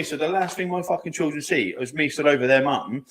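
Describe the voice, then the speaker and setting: A man, talking fast and emphatically in a casual podcast chat, swearing often and calling his listener "mate". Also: a little high, fairly bright tone, slight background noise. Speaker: podcast co-host.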